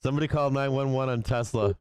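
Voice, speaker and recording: A man's voice: medium pitch, fast, clear, resonant tone, no room sound. A man hosting a live stock market stream, swearing a lot and reacting with disbelief and frequent laughter. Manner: profane, incredulous, laughing often. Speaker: stock market livestream host.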